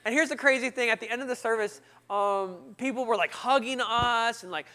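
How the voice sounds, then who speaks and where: A man preaching a sermon, telling a personal story in a lively way, acting out the people in it and swinging from loud outbursts to hushed asides. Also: extremely high pitch, a little fast, few pauses, clear, resonant tone.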